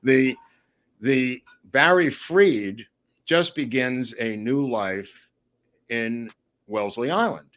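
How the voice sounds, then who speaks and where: A man chatting as a podcast guest, telling animated, rambling stories to the host. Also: medium pitch, slow. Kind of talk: casual storytelling.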